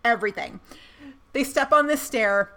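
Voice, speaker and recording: A woman co-hosting a casual podcast chat, recapping a TV episode with animated storytelling. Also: a little high, normal speed, creaky. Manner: animated storytelling, laughs while acting out scenes. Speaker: podcast co-host.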